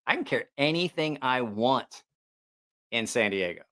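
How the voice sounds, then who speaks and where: A man hosting a knife channel, telling stories in a casual, profane, animated way. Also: mid-range voice, normal speed. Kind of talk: casual storytelling chat.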